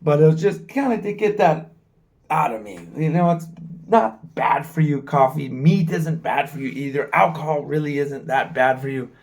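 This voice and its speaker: A man's voice: fairly high pitch, normal speed, a little mellow. A man in his forties from the United States, talking frankly to his own camera in a rambling vlog and swearing freely. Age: 40s. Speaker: travel vlogger. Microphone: camera mic, filming himself.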